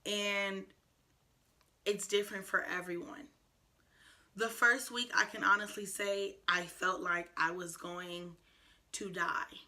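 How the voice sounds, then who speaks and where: A woman in her twenties talking to camera in a personal vlog, soft, reflective and earnest, with frequent fillers. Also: mid-range voice, steady tone, slow pace, pauses often. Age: 20s. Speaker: vlogger.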